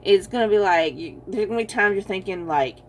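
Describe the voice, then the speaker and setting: A woman's voice: medium pitch, brisk, slight background noise. A woman giving a casual tarot card reading, chatty and teasing, laughing often and calling her viewers y'all. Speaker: tarot reader.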